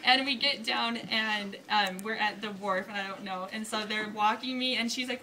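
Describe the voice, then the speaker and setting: A young woman telling a story casually to an audience, bubbly and animated, laughing often. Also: mid-range voice, fairly quick, few pauses, distant mic, slight background noise. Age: young adult. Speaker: newly engaged college student.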